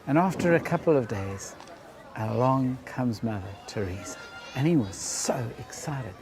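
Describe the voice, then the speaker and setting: A man's voice: mid-range voice, lively intonation, a little slow, a little mellow, faint music behind, a faint crowd. A man narrating earnestly about a ministry and telling a story. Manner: earnest, storytelling with acted quotes.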